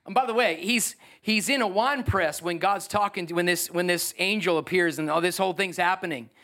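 Animated higher-voiced preacher man. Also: fairly quick. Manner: animated, jokey preaching with audience asides. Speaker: pastor. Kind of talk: sermon.

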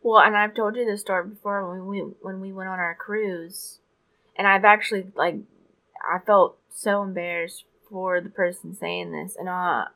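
A woman's voice: mid-range voice, fairly even intonation, moderate pace, pushed and bright. A woman co-hosting a podcast, chatting casually and making joking asides. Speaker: podcast co-host.

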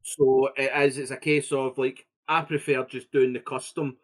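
A man's voice: medium pitch, flat delivery, normal speed. A young Scottish man co-hosting a podcast, chatting casually, swearing freely and laughing often. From Scotland. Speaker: podcast co-host. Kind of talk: casual chat.

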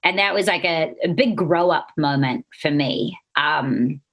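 A woman's voice: deep voice, a little slow. Giggly New Zealand woman in her thirties. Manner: giggly, animated, laughs often. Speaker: guest. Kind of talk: casual interview chat.

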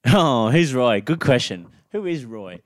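A man's voice: mid-range voice, very animated, measured pace, no room sound, clean studio sound. A man with an Australian accent, bluntly telling stories and giving opinions on a casual podcast, swearing freely. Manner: blunt, swears freely, mimics people in anecdotes. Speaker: podcast co-host. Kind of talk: casual podcast banter and storytelling.

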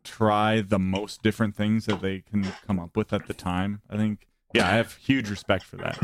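A man talking as a musician guest in a casual podcast chat, relaxed and loose, with lots of "like" fillers. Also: fairly low pitch, normal speed, background noise. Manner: relaxed, heavy use of "like" fillers.

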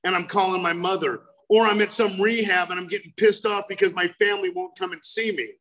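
A man in his forties telling his recovery story, animated, breaking into loud exasperated outbursts. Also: high-pitched, brisk. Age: 40s. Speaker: speaker sharing recovery story. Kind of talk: recovery talk, personal story.

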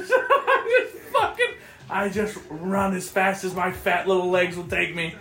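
A man's voice: high voice, normal speed, echoey room. A man telling stories in a casual chat, profane and laughing as he goes. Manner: profane, laughing, animated storytelling. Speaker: podcast host.

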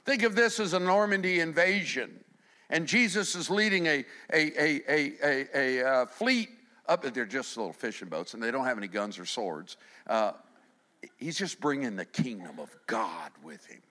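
A middle-aged man preaching a sermon, animated, swinging between loud emphasis and hushed passages. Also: mid-range voice, moderate pace. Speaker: pastor.

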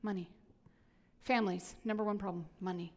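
A woman's voice: medium pitch, brisk. Playful woman pastor preaching in a reverberant hall. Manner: animated, playful, with frequent restarts. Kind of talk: sermon.

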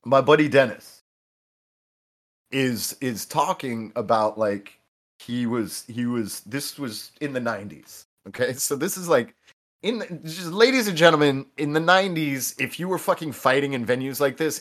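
A man in his thirties, medium-pitched and at normal speed, tells fighting stories as a podcast guest in a casual chat. He's animated and profane, swearing freely, often stopping to restart and slipping into quoted voices.

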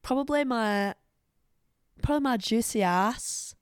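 A woman's voice: a little high, a little slow, smooth, no echo, studio quality, voice pushed up, natural voice. A woman attempting a Scottish accent that drifts toward Northern English, bragging in a jokey way. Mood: cheeky. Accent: attempted Scottish, slipping to Northern English.

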